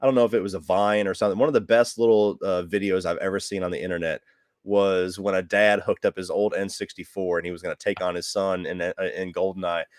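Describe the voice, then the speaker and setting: A man in his thirties hosting a casual podcast chat, excitable and quick to laugh. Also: deep voice, no echo, clean studio sound. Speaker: podcast host.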